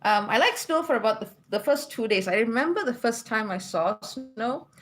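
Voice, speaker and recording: A woman's voice: fairly high pitch, expressive, normal speed, fairly bright tone. A woman from Malaysia hosting a spiritual livestream in a casual, chatty way, reading out viewer comments and laughing often.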